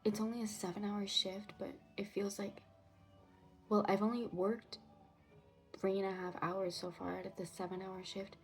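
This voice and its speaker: A woman's voice: medium pitch, little pitch movement, moderate pace, faint music behind. A woman talking in a casual video diary, often whispering and rambling with lots of "um" and "like". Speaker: diary vlogger.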